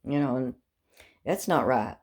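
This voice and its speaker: A middle-aged woman vlogger shares rambling personal stories in a rumbling low, animated voice with a darkish tone and measured pace. She's talkative, darkly funny, and laughs often.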